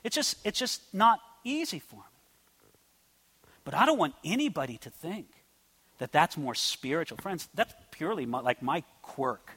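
A man preaching a sermon as pastor, swinging between loud declarations and soft, intimate asides. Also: fairly high pitch, sing-song, normal speed, slightly rough, long reverb tail.

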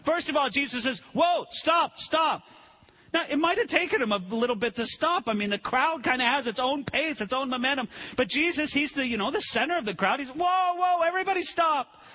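A man preaching a sermon to a congregation, animated and acting out the people in the story. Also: very high-pitched, quick pace, hardly any pauses, slightly rough. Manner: animated, acts out quoted voices. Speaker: pastor.

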